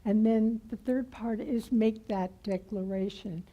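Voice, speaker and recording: A woman minister giving a gentle, heartfelt sermon in a church. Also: a little high, steady tone, unhurried, highs cut off. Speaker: guest minister. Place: church sanctuary.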